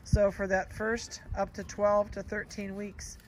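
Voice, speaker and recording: A man who breeds dogs, giving folksy, chatty advice outdoors in a yard and pausing to comment on the puppies. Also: high-pitched, monotone, poor audio. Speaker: dog breeder. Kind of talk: casual outdoor advice talk. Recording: loud wind noise outdoors. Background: wind and puppies playing.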